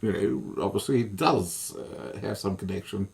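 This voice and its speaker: A man's voice: on the low side, moderate pace, vocal fry, darkish tone, breathy edge. A man delivering an angry, swearing monologue as an online commentator, furious and repetitive.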